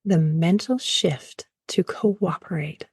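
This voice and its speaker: A woman's voice: on the low side, slow pace, darkish tone, husky, no room sound, studio quality. A woman podcast host interviewing a guest, answering with effusive, affirming remarks. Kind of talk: interview hosting.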